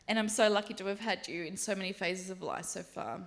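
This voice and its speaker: A woman's voice: medium pitch, brisk, few pauses. A woman giving a maid of honor speech at a wedding reception, reading a prepared toast and laughing and tearing up along the way.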